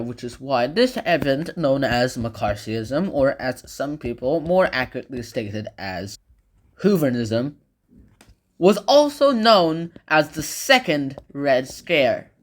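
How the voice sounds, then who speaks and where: A man's voice: on the high side, big pitch swings, a little slow. A man talks through a history lesson in a casual, loose way, tossing in sarcastic asides between points. His phrasing rambles and circles back, with fillers and restarts. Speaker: video lecturer. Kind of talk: casual educational commentary.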